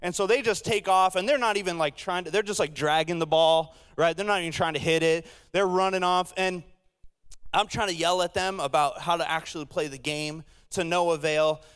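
A man in his thirties preaching to a congregation in a light, self-mocking storytelling manner. His voice sits a bit high for a man, and he keeps breaking off to tease the listeners with jokes. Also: steady tone, a little fast, fairly bright tone, smooth, long reverb tail. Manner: self-deprecating, jokey, playful asides to the audience. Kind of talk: humorous sermon storytelling.

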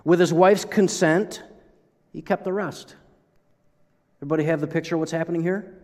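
A man preaching a sermon as pastor, conversational and animated, often breaking off and restarting his sentences. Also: on the high side, normal speed, big-room sound. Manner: conversational, animated, self-interrupting.

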